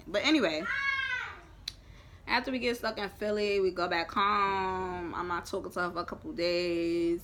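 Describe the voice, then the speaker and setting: Bright-voiced New young woman. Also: mid-range voice, normal speed, slight background noise. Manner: animated, profane, emphatic storytelling. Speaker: vlogger. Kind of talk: storytime chat.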